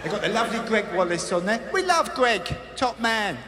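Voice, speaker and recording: A man's voice: high voice, very animated, brisk, noisy background. A male stand-up comedian with a British accent telling stories in a wry style during a routine. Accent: British English. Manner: wry storytelling. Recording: live stand-up in a large hall.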